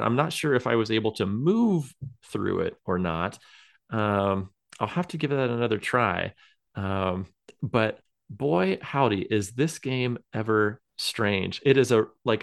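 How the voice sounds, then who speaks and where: A man co-hosts a casual podcast, describing things at a loose, rambling pace. His voice sits in a middle pitch, and he often hesitates with "uh" and "um" and chuckles as he goes. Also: gravelly. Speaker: podcast co-host. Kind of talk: casual chat.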